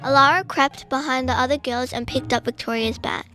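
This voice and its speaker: A woman's voice: high-pitched, fairly even intonation, a little fast, music in the background. A woman reading story lines aloud plainly in a group storytelling.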